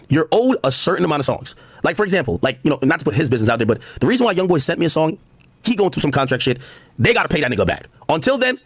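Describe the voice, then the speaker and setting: Fast, husky, high-voiced arguing man. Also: dry recording. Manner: emphatic, repeats words while cutting in. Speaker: streamer. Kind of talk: livestream debate.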